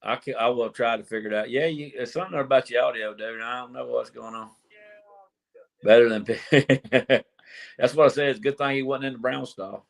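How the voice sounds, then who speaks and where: A man's voice: medium pitch, fairly even intonation, brisk, gravelly. Folksy Southern-accented man chatting. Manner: folksy, drawling storyteller. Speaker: host. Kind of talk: casual group voice chat.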